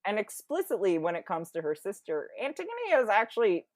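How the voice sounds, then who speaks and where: A woman as a podcast guest, telling a story in casual, animated chat full of quoted voices. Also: mid-range voice, a little fast, no room sound.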